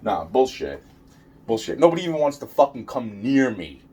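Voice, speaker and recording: A man's voice: medium pitch, very animated, moderate pace, a little mellow, slightly rough. A man talking straight to camera in a rambling, profane vlog rant, repeating himself and stumbling over restarts. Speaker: vlogger. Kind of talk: ranting vlog monologue.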